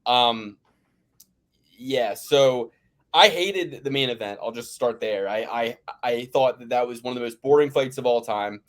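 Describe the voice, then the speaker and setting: A man's voice: medium pitch, measured pace. A man from the Philadelphia area rambles through a casual sports chat. He rants hard, swears freely and restarts his sentences often. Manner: ranting, profane, rambling with restarts. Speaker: podcast host.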